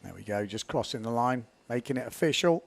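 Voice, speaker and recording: A man giving live, chatty commentary on a windsurf race, building excitement at key moments. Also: mid-range voice, a little fast, creaky.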